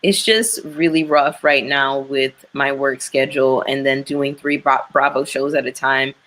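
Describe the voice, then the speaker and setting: A woman's voice: steady tone, a little slow. A woman hosting a casual livestream, talking candidly to her viewers in a tired, emotional way and slipping into slang. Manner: gets loud and high-pitched when ranting. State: exhausted and emotional. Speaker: YouTube livestream host.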